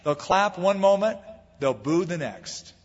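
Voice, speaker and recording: A man's voice: high voice, lively intonation, a little slow, big-room sound, highs cut off. A man preaching a sermon, dramatically acting out the voices of a crowd. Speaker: pastor.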